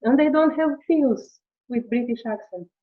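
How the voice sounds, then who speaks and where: A woman's voice: a little high, normal speed, phone-quality sound. A woman from Romania with a Romanian accent, speaking English as a second language, hesitantly searching for words in a panel chat. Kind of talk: casual panel discussion.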